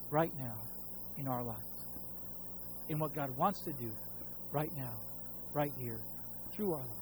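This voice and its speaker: In a low-quality recording, a pastor in his thirties delivers a sermon in a voice on the high side with a darkish tone. He shares a personal story conversationally and casually, performing the quoted voices of both himself and God.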